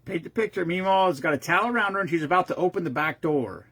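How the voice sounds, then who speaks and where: Man, livestream co-host, husky, jokey and crude. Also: high-pitched, fast talker, fairly bright tone. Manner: teasing, crude wisecracks. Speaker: co-host reading viewer comments. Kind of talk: casual livestream banter.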